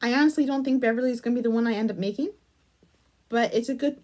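A woman chatting casually in a crochet vlog, gushing over a pattern book and trailing off into soft murmurs. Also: fairly high pitch, fast talker. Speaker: crochet vlogger.

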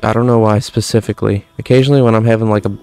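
A man's voice: fairly low pitch, steady tone, rapid-fire, gravelly, darkish tone, clean tone, soft background music. A man in his twenties giving casual, jokey gameplay commentary, tossing in "folks" and "quite frankly" as he rambles. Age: 20s. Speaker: gaming commentator.

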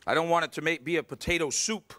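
Exuberant high-voiced man hosting a cooking show. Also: fairly even intonation, quick pace, bright, forceful tone. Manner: exuberant, talks straight to the studio audience. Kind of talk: live cooking demonstration. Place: TV studio kitchen. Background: faint studio audience.

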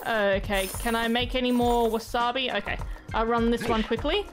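A woman's voice: fairly high pitch, steady tone, normal speed, music in the background. A woman hosting a gaming channel, giving chatty let's-play commentary and talking to the game characters.

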